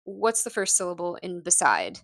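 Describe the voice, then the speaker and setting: Her pitch sits fairly low but swings widely as she goes over her lesson packets at a moderate pace. This woman teacher sounds casual and unsure, with frequent ums, restarts, and the odd light laugh, in a slightly bright recording without echo.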